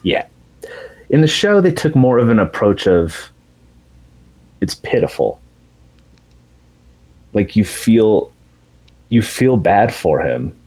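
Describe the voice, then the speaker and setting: Low, dark-voiced man telling a story. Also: low-quality recording. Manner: animated storytelling with profanity, acting out characters in raised voices. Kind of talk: casual chat retelling a TV finale.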